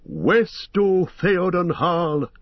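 A man's voice: fairly high pitch, normal speed, no room sound, muffled recording, pitched above the performer's own voice. A man voicing a loyal, eager young male warrior who declaims in a storybook reading.

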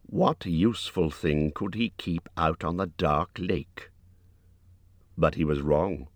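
A man reading a storybook aloud in a measured narrating voice, lifting his pitch for the hero's lines. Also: no echo. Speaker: audiobook narrator.

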